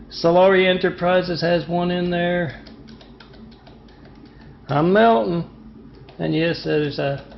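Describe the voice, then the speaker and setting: Slow gravelly high-voiced man rambling. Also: highs cut off, slight background noise. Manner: meandering, conspiratorial storytelling with fillers. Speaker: vlogger. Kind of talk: rambling monologue.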